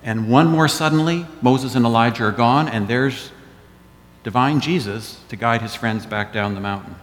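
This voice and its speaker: A man's voice: mid-range voice, moderate pace. A man giving a sermon as pastor, telling stories with wry asides. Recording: echoey church hall.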